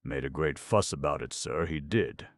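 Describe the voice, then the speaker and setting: Disapproving club servant, cool and correct, read by a deep-voiced man. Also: lively intonation, normal speed, dry recording, studio quality. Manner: coldly deferential. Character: stiff, disapproving male club cloakroom attendant.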